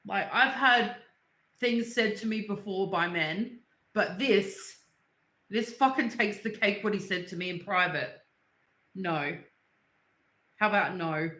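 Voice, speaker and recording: A woman's voice: medium pitch, animated, measured pace, pushed and bright. A young woman, talking bluntly and angrily on a casual livestream, swearing and repeating herself. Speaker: livestream host. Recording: echoey room.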